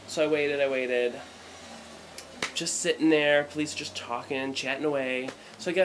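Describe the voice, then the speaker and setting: Filming on a handheld camera inside a small hotel room, a young American guy talks fast in a medium-pitched voice over a rough recording with a little hiss or hum. His travel vlog wanders loosely, heavy on filler words and irreverent, blunt comments.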